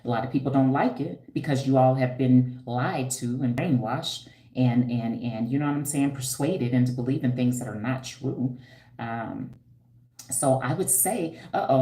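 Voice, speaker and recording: A sassy woman in her fifties with a low, deep voice, hosting a live stream. She lectures her viewers bluntly and answers their comments. The sound is roomy and echoey. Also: warm tone. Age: 50s. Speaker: livestream host.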